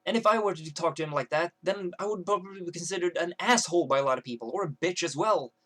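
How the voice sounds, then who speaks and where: A young man rants on his vlog in a rambling, unpolished way. He restarts sentences often and fills pauses with "like." His voice sits a little high for a man. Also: fairly bright tone. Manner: rambling, many fillers and restarts. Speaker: vlogger. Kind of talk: ranting to camera.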